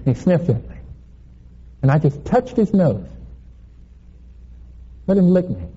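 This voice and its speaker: Animated preacher man with lo-fi sound. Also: sits high, slow, a little hiss or hum. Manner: animated, playful storytelling, laughing. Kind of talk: sermon with personal story.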